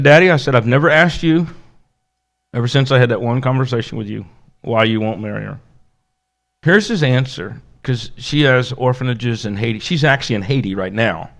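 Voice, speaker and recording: A man's voice: medium pitch, normal speed, gravelly, pauses often, fairly bright tone. A man, a pastor, telling a personal story in a conversational sermon, acting out the dialogue and laughing now and then. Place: church.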